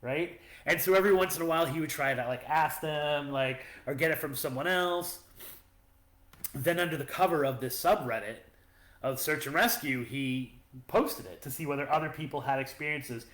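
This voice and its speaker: A man's voice: a little high, moderate pace, a bit bright. A man co-hosting a podcast, telling a story in a rambling, casual way with many fillers. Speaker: podcast co-host. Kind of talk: casual chat. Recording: echoey room.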